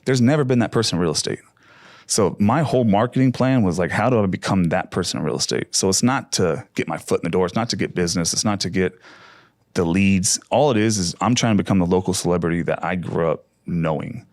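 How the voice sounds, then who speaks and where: A low-voiced man in his thirties speaks fast and candidly as a podcast guest, tumbling through heartfelt stories with casual swearing. The sound is close and dry, with no room around it. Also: darkish tone, no room sound. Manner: candid, heartfelt, swears freely, rambling storyteller.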